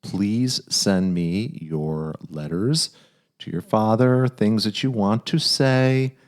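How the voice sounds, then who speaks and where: A man hosting a dad-advice podcast, chatting casually in a halting, self-deprecating way and telling dad jokes. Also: fairly low pitch. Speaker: podcast host giving fatherly advice. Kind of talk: casual chat.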